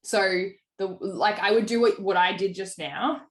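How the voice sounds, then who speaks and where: A woman's voice: mid-range voice, unhurried, reverberant. A woman business coach talking through a sales call in a casual, chatty way, full of fillers. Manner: chatty, filler-heavy, acts out client quotes.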